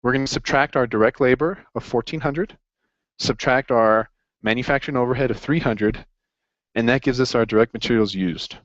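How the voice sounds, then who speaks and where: A man's voice: mid-range voice, fairly quick, a bit bright, dry recording, highs cut off. A man running a casual accounting review session, upbeat and jokey as he encourages his students. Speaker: accounting tutor.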